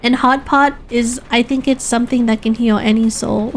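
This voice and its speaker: Female streamer from Canada, high-ish voice, giggly casual chat, faint music behind. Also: steady tone, normal speed. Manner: giggly, laughs often, restarts mid-sentence.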